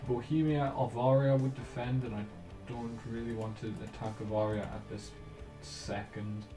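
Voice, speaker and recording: A man hosting a let's play, commenting casually on his strategy game and thinking aloud in a relaxed, musing way. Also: mid-range voice, moderate pace, echoey room, music in the background.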